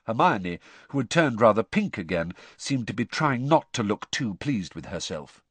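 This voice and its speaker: A man narrating an audiobook in an expressive storytelling manner. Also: on the low side, moderate pace, hardly any pauses, slightly rough, dry recording. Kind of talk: scripted narration.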